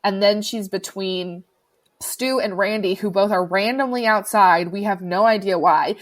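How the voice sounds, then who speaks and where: Woman co-host, casual chat, animated storyteller. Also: mid-range voice, unhurried. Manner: animated storytelling, acts out quotes. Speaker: podcast co-host. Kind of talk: casual chat recapping a film.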